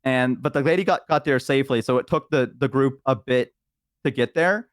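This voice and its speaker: A man's voice: mid-range voice, fairly quick, no echo, clean studio sound. Rambling young man telling a story. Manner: rambling, filler-heavy storytelling. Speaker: stream guest. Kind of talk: casual storytelling about a tabletop game.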